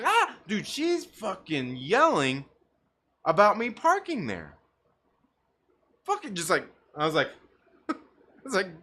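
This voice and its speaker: Animated, foul-mouthed man telling a story. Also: sits high, a little slow, pauses often. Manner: profane, animated, laughs mid-story. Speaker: livestream host. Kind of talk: casual storytelling rant.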